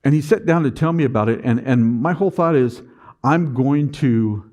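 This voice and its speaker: At a conference, a middle-aged man tells a personal business story, animatedly acting out his past self. He has a mid-range voice and talks fast.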